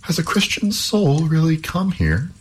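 A man's voice: a little high, sing-song, unhurried, slight background noise, pitched above the performer's own voice. A man reading a folk tale aloud, voicing a frightened young princess held captive by a troll, in an anxious, pleading tone. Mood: alarmed.

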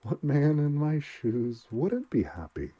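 A man's voice: a little high, big pitch swings, slow pace, mellow, husky, muffled recording, pitched above the performer's own voice, full character voice. A man reading aloud and voicing a weary young father who speaks with hollow, strained sarcasm. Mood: bitter.

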